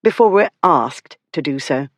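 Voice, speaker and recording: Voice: medium pitch, expressive, measured pace, natural voice. A sensible older chaperone, voiced by an audiobook narrator, with a dry, matter-of-fact delivery. The sound is close and dry, with no echo.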